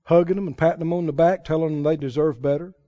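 A man preaching a sermon dramatically, swinging between booming lines and hushed asides. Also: steady tone, fast, no echo. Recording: dull lo-fi, dry sermon recording.

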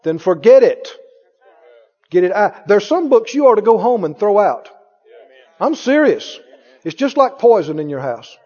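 A man's voice: big pitch swings, measured pace, warm tone, big-room sound, lo-fi sound. A man preaching a sermon with an emphatic, repetitive delivery, firing rhetorical questions at his congregation. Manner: mimics others in a higher voice.

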